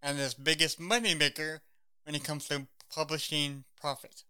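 A man's voice: a little high, steady tone, moderate pace, bright, forceful tone, clear, resonant tone. A man co-hosting a podcast, chatting casually about songs, hesitant with many fillers and trailing words. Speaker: podcast co-host.

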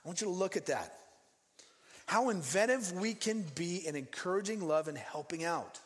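Guy from denver giving a chatty sermon, kinda high voice, echoey church hall. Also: moderate pace. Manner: conversational and animated, acting out quoted voices. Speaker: pastor.

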